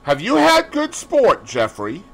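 A man voicing a sensitive, troubled young gentleman who speaks in a pleading, anxious way, in an audiobook reading. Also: sits high, huge pitch swings, slow pace, gravelly, voice pushed up, full character voice, rough recording. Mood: polite.

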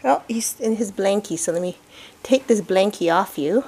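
A woman's voice: medium pitch, animated, normal speed, a little mellow, slight background noise. A woman doing a casual how-to vlog as a pet owner, chatty, coaxing and enthusiastic.

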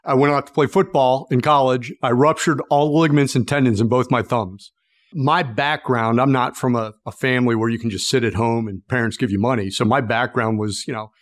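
Middle-aged male guest from Pennsylvania, animated storyteller, mid pitch, dry close sound. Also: dry recording. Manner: animated storyteller acting out the people in his story. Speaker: guest, sales expert. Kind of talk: storytelling interview.

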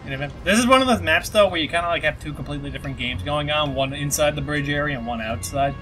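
A man's voice: a little high, quick pace, sharp tone, soft background music, low-quality recording. A man hosting a let's play, giving casual gaming commentary, swearing and laughing at his own moves.

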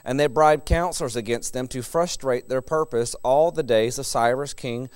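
A man's voice: medium pitch, normal speed, darkish tone, smooth, no echo, studio quality. A middle-aged man preaching a sermon in a conversational way, chuckling between his points.

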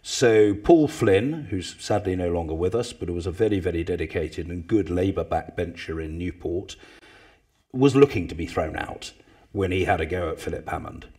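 A man, telling anecdotes to a live audience, with loud mimicking bursts. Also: sits low, moderate pace, breathy edge. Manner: animated storyteller, mimics others with loud bursts. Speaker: former parliamentary speaker, guest.

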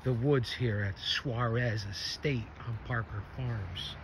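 A man's voice: medium pitch, slow pace, background noise. A man who sits dogs, talking casually as he walks them through the woods and calls them to play fetch. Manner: coaxing, chatty, calls to dogs. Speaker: dog sitter. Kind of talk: casual vlog narration to dogs. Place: woods outdoors.

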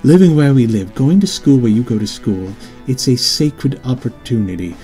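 A man's voice: medium pitch, lively intonation, moderate pace, dark tone, soft background music, pitched above the performer's own voice, close to an everyday voice. A man voicing a worried, insistent middle-aged mother in an audiobook, with pleading, scolding emphasis. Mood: urgent scolding. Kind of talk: audiobook character reading.

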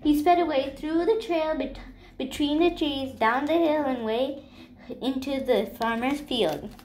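A woman reading a children's picture book aloud in a gentle, expressive storytelling voice. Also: sits high, a little slow, a little hiss or hum. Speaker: storybook reader.

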